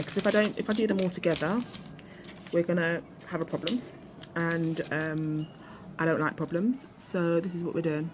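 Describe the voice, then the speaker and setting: A woman with a lowish, fairly evenly intoned voice talks at a normal speed while crafting at a table outside. In her casual vlog she chats to viewers and adds self-deprecating asides, and background noise can be heard.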